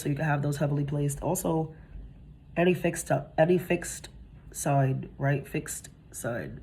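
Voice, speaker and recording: A woman's voice: sits low, darkish tone, slight background noise. A young woman giving a casual tarot reading, chatty and streetwise, talking straight to her viewers. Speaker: tarot reader.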